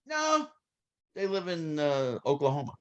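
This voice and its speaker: A man, a former child actor telling lively stories as an interview guest. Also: fairly high pitch, measured pace, lo-fi sound. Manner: animated, acts out quoted people, restarts. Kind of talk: storytelling interview answers.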